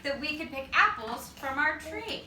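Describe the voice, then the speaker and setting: A woman teacher leading circle time for toddlers, talking slowly and encouragingly in a sing-song way. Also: high voice, animated, bright, forceful tone, roomy sound, far from the mic, slight background noise. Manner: sing-song, slow and encouraging with small children. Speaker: preschool teacher.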